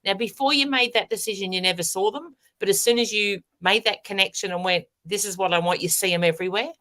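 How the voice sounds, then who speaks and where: A woman's voice: medium pitch, fast, bright, forceful tone. A woman, a guest medium talking in a chatty, storytelling way. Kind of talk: casual chat.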